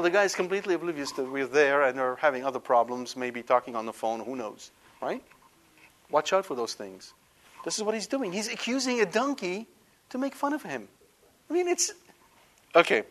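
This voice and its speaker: Animated male Bible teacher. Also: fairly high pitch, normal speed, pauses often. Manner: animated, rhetorical questions. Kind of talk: Bible study lecture.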